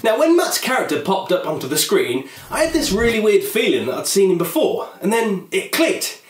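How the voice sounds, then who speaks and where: A man's voice: sits high, very animated, moderate pace, far from the mic. A man co-hosting a film review show, chatty and jokey. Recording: echoey room, off-mic, music behind.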